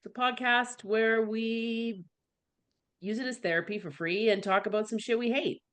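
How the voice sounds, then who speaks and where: A woman co-hosting a casual podcast. She is dry and sarcastic, with quick deadpan remarks. Her voice sits a bit high. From Canada. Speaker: podcast co-host. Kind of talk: casual chat.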